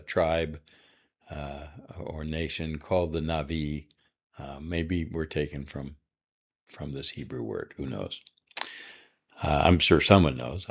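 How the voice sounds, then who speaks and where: A man walks through a lesson slowly, in a very deep voice. He halts often with fillers and drops in dry little asides. The recording sounds a bit dull and lo-fi. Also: gravelly. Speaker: Hebrew teacher.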